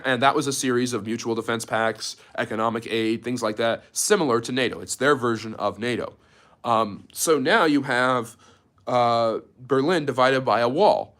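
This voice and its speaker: A man's voice: medium pitch, fairly bright tone. Man giving an unscripted history lecture. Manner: loose, unscripted explaining with frequent fillers and restarts; reads and answers viewer chat mid-lecture. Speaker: history teacher.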